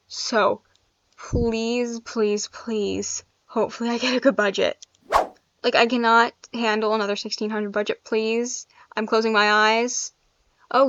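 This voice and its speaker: A woman's voice: mid-range voice, gravelly, fairly bright tone, no room sound. A woman giving casual gameplay commentary, chatty and thinking aloud with frequent laughs. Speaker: gaming YouTuber. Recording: dry, slightly dull sound.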